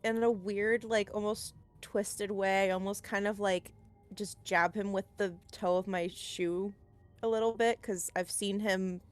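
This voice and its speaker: A woman's voice: mid-range voice, steady tone, measured pace, clear, resonant tone, soft background music. A woman playing in a tabletop horror game, describing her character's actions in a chatty, hedging way full of "like" and "kind of". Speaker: player. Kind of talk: tabletop role-play, in and out of character.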